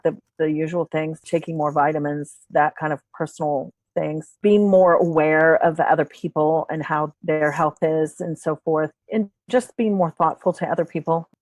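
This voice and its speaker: A woman's voice: low-pitched, dry recording. A woman producer speaking as a panel guest, hesitant, with many "you know" and "um". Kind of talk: casual panel discussion.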